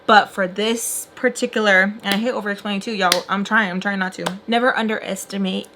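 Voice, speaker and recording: Young woman, casual storytime voice, chatty and animated, faint hiss behind. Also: medium pitch, brisk. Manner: chatty, animated retelling with filler "like". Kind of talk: casual storytime while doing makeup.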